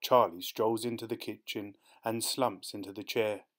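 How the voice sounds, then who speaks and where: A man reading a children's storybook aloud in a steady, clear voice. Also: lowish voice, moderate pace. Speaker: storybook narrator.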